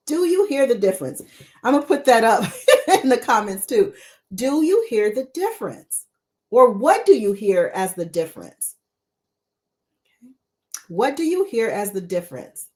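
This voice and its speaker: A woman mentor coach teaching a live-streamed coaching lesson, repeating rhetorical questions to her viewers. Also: medium pitch.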